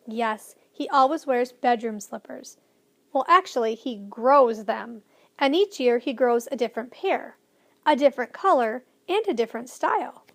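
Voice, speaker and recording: A woman's voice: fairly high pitch, normal speed. A woman voicing a kindly, proud old male professor, emphatic and cheerfully lecturing in a storybook reading.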